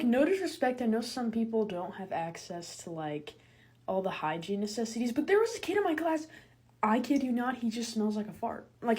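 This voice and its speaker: Young woman, comedic monologue to camera, rambling exasperated delivery, husky texture, pitched a touch high. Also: darkish tone. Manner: rambling, exasperated rants full of "like". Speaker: comedy video creator.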